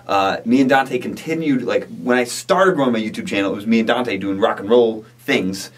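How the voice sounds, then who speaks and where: Casual male co-host, husky voice, mid-range, rambling and upbeat, picked up from a distance. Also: on the low side, fairly quick. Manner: upbeat, rambling, restarts often. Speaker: co-host of a comedy rap video series. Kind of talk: casual chat. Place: their recording studio. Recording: voice a bit far from the mic.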